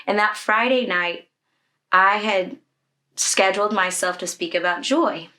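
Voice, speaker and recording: A woman's voice: medium pitch, unhurried, bright, forceful tone. A woman who leads children's ministry, telling a personal story in a conversation, candid and emotional, with many fillers.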